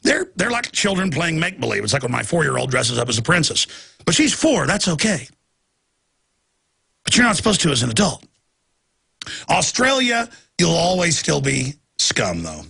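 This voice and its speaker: A man's voice: a little high, very animated, brisk, creaky, bright, forceful tone, husky. A man hosting a talk show, ranting in emphatic, sarcastic political commentary with frequent restarts.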